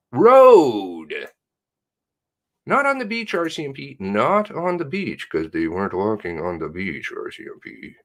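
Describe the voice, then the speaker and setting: A man with a mid-range, slightly bright voice, an independent online investigator, gives rambling, profane commentary as he reads through material, muttering to himself before flaring up.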